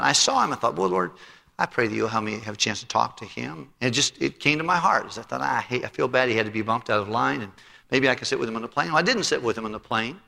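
A middle-aged male pastor preaching a sermon and telling a story, acting out both sides of a conversation in a lively way. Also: medium pitch, vocal fry. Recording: long hall reverb.

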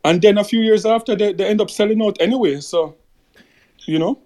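A man with a slightly raised pitch chats casually on a podcast. He rambles through a story, circling back with "you know" and "like" as he goes. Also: a little fast, darkish tone. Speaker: podcast co-host. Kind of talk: casual chat.

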